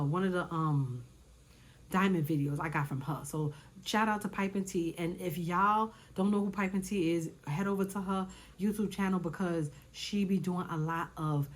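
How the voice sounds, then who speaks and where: A woman recapping reality show episodes in casual commentary, chatty and animated, often repeating herself for emphasis. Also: on the low side.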